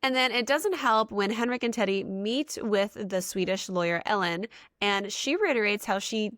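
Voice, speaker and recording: A woman co-hosting a casual book podcast, recapping scenes in an animated, giggly way. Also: mid-range voice, moderate pace, no room sound, studio quality. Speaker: podcast co-host.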